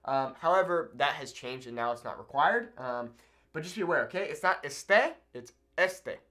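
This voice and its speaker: Man, online language teacher, animated delivery with a lively, swinging pitch; keeps checking in with the viewer. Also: fairly quick. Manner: upbeat, animated, keeps asking "okay?". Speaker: Spanish teacher. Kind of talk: video language lesson.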